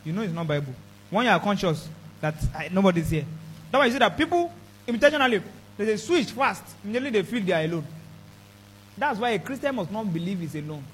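A man's voice: sits high, sing-song, quick pace, a bit bright, a little hiss or hum, poor audio. A man preaching a sermon with emphatic delivery, throwing call-and-response questions to the congregation. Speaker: pastor.

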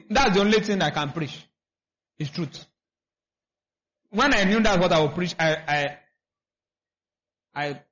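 A man's voice: a little high, a bit bright. A man preaching a sermon, repeating himself and asking the congregation to finish his lines. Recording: dull lo-fi recording.

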